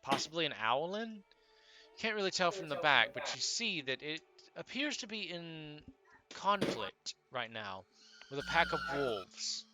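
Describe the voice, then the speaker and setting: A man narrating as game master of a tabletop game, relaxed and halting, with many fillers. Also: a little high, very noisy.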